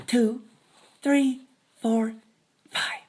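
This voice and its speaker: A woman's voice: on the high side, fairly even intonation, very slow, darkish tone, a little hiss or hum. A woman giving a playful math lesson to children, dropping silly jokes as she counts. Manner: silly, joking asides.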